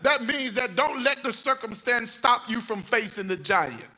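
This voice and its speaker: High, bright-voiced fervent preaching man. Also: expressive, measured pace, poor audio. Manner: fervent, repetitive preaching that calls on the congregation. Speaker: bishop preaching to his congregation. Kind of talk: sermon. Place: church sanctuary.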